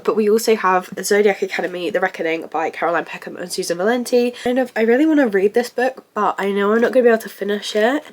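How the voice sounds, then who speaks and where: A young woman vlogging about her reading, sounding sick and rough-voiced, gushing and emotional as she talks to the camera. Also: medium pitch, slight background noise. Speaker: book vlogger. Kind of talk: casual reading vlog.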